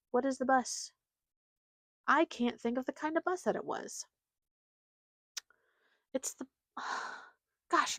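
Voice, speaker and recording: Chatty podcast mom rambling thru a family story, kinda high voice, dry close sound. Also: female voice, no room sound. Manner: rambling, chatty, acts out quotes of her family. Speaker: podcast host. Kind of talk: casual storytelling monologue.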